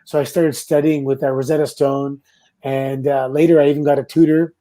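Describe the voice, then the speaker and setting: A middle-aged man from Canada, a former wrestler, telling stories in a relaxed, casual interview. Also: mid-range voice, brisk. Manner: relaxed anecdotal storytelling with laughs and quoted voices. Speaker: guest, former pro wrestler.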